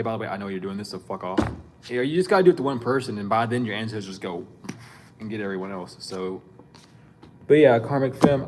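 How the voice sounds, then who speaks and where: A man talks straight to the camera in a casual spiritual reading, scolding and blunt, full of profanity and slang. His voice sits at an ordinary middle pitch for a man. A faint hiss of noise runs under the recording. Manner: animated and scolding, with quick laughs. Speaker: spiritual reader.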